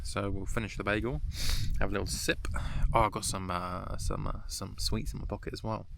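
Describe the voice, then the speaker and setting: A man's voice: fairly low pitch, fairly even intonation, brisk, gravelly, background noise. Chatty man vlogging on a mountain hike. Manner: rambling, chatty, swears freely. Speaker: hiking vlogger. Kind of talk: casual vlog chat. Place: outdoors on a high mountain trail.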